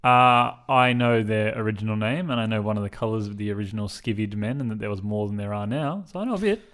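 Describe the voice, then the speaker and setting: A man's voice: fairly low pitch, fairly even intonation, fast talker, fairly bright tone, clean tone. A man co-hosting a podcast, full of teasing, playful banter. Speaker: podcast co-host. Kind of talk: casual chat.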